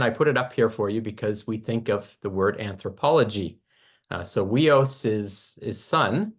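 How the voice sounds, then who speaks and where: A man teaching a Bible lesson in a measured, explanatory way, restarting phrases now and then as he works through a point. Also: on the low side.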